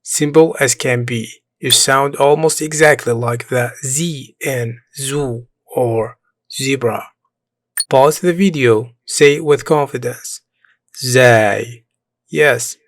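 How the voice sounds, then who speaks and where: A man speaks at a very slow, deliberate pace, like a patient teacher working through a lesson. He repeats each word several times and follows with warm, encouraging praise for the learner. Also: mid-range voice, no room sound. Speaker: Arabic teacher. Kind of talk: scripted beginner language lesson.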